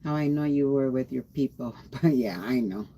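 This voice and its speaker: A woman's voice: a bass voice, moderate pace, mellow. A tired woman livestreamer chatting casually and rambling, greeting her viewers by name. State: tired after a long day.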